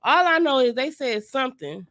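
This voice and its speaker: A woman co-hosting a podcast, telling her story in relaxed, matter-of-fact casual chat. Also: sits high, normal speed, no echo, studio quality. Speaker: podcast co-host.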